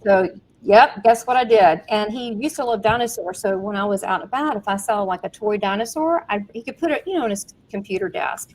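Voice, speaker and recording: A woman hosting a podcast, telling stories in an animated, giggly casual chat. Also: mid-range voice, brisk, a little hiss or hum, low-quality recording. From Southern United States. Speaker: podcast host.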